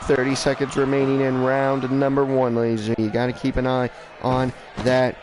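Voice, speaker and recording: A man working as ring announcer and commentator, stretching out fighter introductions, then calling the action in a chatty, fast-talking way. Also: medium pitch, completely flat delivery, background noise.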